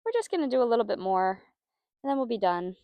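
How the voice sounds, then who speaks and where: A woman horse trainer talking casually as she works outdoors with a horse, praising it softly. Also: fairly high pitch, sing-song, quick pace, no echo. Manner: soft, coaxing praise to the horse.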